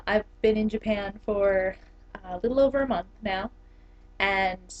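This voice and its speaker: A young woman in her twenties, an English teacher, chatting casually to the camera with lots of fillers and laughs. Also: medium pitch. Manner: chatty, giggly, many fillers. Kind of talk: casual vlog talk. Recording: dull lo-fi camera audio.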